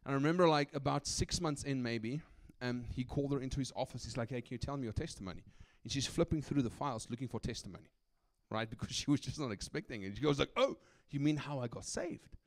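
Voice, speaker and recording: A middle-aged man from Africa, preaching a sermon as a guest speaker, telling personal stories in an animated, conversational way and often asking "right?". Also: mid-range voice, fast talker. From South Africa.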